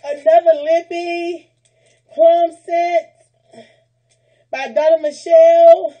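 A woman's voice: extremely high pitch, little pitch movement, slow, mellow, dull audio. A woman, opening gifts on a vlog, gushing and squealing and close to tears, calling out praise to God. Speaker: vlogger opening a gift package. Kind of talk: unboxing vlog, emotional chat.

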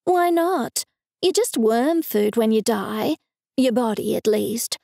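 Bored blunt mortuary worker, offhand and a little gravelly, dry close sound, voiced by a woman. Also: fairly high pitch, slow pace, dry recording, heavily acted. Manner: flat, offhand.

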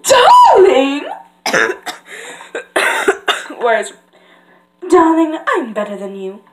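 A vain, posh fashionista pony from a cartoon, as a woman puts her on, who sounds high-pitched and haughty and pushes every word dramatically. The room gives it a roomy echo. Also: huge pitch swings, extremely slow, heavily acted.

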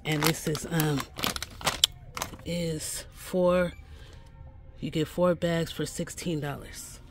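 Man, vlogger, chatty, slow-talking, self-correcting, faint music behind in the store. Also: a little high, a little mellow. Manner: chatty, repeats prices and corrects himself. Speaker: shopping vlogger. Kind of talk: casual in-store shopping walkthrough. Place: inside a pharmacy store.

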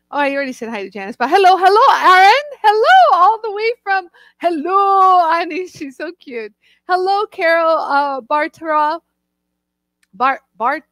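A bright, high-pitched woman chats on a live stream, bubbly and effusive as she greets her viewers one by one. Her voice sits close and dry on the mic, with no room around it. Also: no room sound, rough recording. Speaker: host of a live jewelry tool demo show. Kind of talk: casual live-stream chat.

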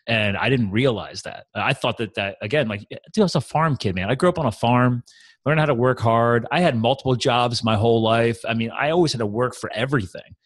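A man's voice: medium pitch, dry recording. A man talking as a podcast guest, earnest and open, telling personal stories casually with lots of "man" and "like". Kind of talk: candid conversational storytelling.

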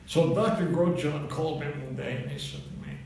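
A man's voice: fairly high pitch, brisk, a little mellow. A man in his eighties, a comedian, telling a rambling string of anecdotes to a live audience and chuckling at his own punchlines. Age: 80s. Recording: roomy, distant mic, faint hiss.

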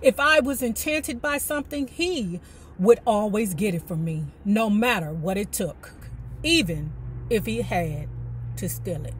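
A woman reading a memoir aloud and breaking off into animated, colloquial commentary. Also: medium pitch, measured pace, a little hiss or hum. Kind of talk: book reading with casual commentary.

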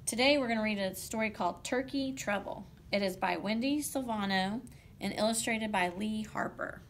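A woman reading a picture book aloud to children, lively and playful. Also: medium pitch, normal speed, slight background noise. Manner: lively, playful voices for the animals. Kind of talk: children's storybook read-aloud.

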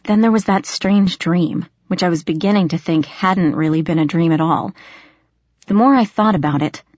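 A woman with a fairly low voice reads a first-person audiobook in a steady, expressive way. The recording is dry and close, with a slightly dull, lo-fi tone. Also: moderate pace, no room sound. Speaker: audiobook narrator.

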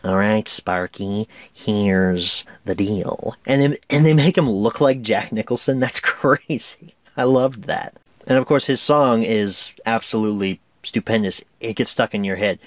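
A man's voice: mid-range voice, normal speed, no echo. A man giving a casual, chatty film review, enthusiastic and laughing often.

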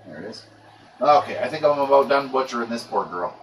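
A man's voice: mid-range voice, expressive, fairly quick, a little hiss or hum. A man hosting a casual livestream while working with plants, talking in a laid-back, rambling way with many fillers. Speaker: livestream host. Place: indoor grow room. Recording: echoey room, voice far from mic, faint music.

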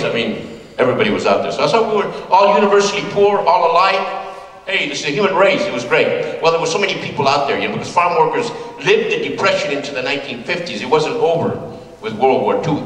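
An older man from California recounts memories to a listening crowd in a relaxed, folksy storyteller's manner. His voice sits at an ordinary middle pitch. It sounds distant from the mic and echoes around a big, reverberant hall. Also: a little fast. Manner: conversational, folksy, laughs at his own jokes. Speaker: speaker giving a talk. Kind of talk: storytelling talk to an audience.

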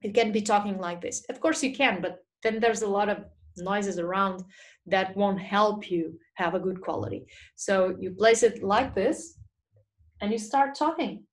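Presenting a live webinar Q&A on a small video mic or phone, this woman reads out audience questions and answers them in a chatty, filler-heavy way. Her voice is medium in pitch and a little slow.

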